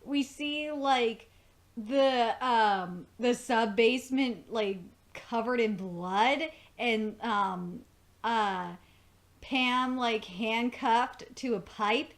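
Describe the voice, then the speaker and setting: Casual reviewer, woman, high voice, loose, profane rambling recap. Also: very slow. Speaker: TV episode reviewer.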